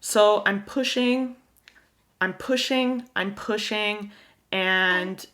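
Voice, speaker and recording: A woman's voice: medium pitch, very slow, a bit bright. A young woman telling a personal story to her viewers in a casual, candid way, with lots of "like" fillers. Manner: chatty and candid, many "like" fillers. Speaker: vlogger.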